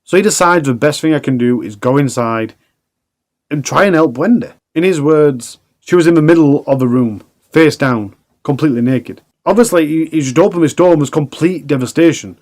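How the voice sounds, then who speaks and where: A man's voice: fairly high pitch, normal speed, a little mellow. A man narrating a true crime documentary in a plain, conversational way with casual asides.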